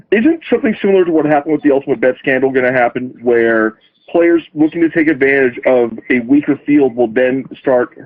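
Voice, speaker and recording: Male host, poker radio talk, pointed questions, phone-line sound. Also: medium pitch. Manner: quizzes guests with pointed questions.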